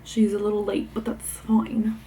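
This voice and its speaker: A woman's voice: mid-range voice, completely flat delivery, measured pace, mellow, rough recording. A young woman vlogging casually about books, a bit out of breath, chatty and bubbly with lots of fillers. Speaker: book vlogger. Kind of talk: casual chat. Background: faint ambient noise, passing car.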